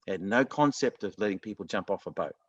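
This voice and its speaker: A man's voice: lowish voice, animated, quick pace, no echo, muffled recording. A man preaching a sermon in an earnest, conversational way, often restarting his sentences. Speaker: pastor.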